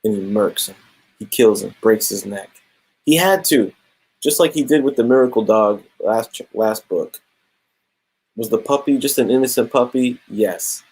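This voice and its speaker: Slangy man, husky low voice. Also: low-quality recording. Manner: slangy, animated storytelling with quick asides. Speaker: comic book reviewer. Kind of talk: casual comic review.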